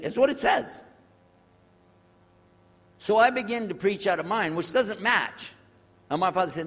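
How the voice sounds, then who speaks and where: A man's voice: high-pitched, unhurried, long pauses. Older American man telling a story. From USA. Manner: animated storyteller, acting out dialogue with big shifts in loudness. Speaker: speaker telling his conversion story. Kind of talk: storytelling talk to an audience. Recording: long hall reverb.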